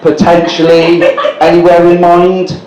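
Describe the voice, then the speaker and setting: A man's voice: high voice, completely flat delivery, a little slow, lo-fi sound. A man in his sixties hosting a live stand-up comedy night, bantering with the audience in a cheeky, sweary way. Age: 60s. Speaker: stand-up compere. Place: indoor live comedy gig at a brewery. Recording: echoey room with loud background noise.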